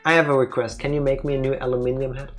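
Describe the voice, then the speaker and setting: Excitable man joking over a game. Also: mid-range voice, rapid-fire, soft background music. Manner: excitable, rambling joking theories. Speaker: let's play co-host. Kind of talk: casual gameplay chat.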